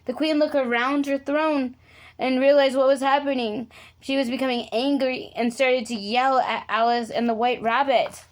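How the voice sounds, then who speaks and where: A woman's voice: sits high, steady tone, moderate pace. Woman reading a storybook aloud casually. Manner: casual, with chatty asides.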